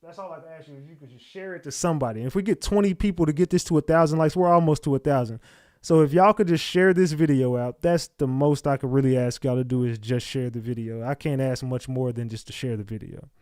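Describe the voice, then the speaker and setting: A man's voice: medium pitch, fairly even intonation, fast, darkish tone, no echo, studio quality. A man hosting a livestream, reading chat comments aloud and snapping back at viewers in blunt, profane casual talk. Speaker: livestream host.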